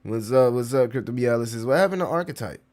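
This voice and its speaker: A man's voice: medium pitch, fast talker. A man hosting a crypto livestream, chatting casually, talking slang, swearing and reading out chat comments. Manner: animated, slangy, swears, reads chat aloud.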